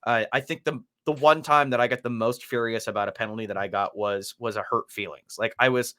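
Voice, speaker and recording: A man's voice: medium pitch, normal speed, pushed and bright. Guy cohosting a hockey podcast, swears a lot, acts out quotes, voice all over the place. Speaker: podcast co-host. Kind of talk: casual sports chat.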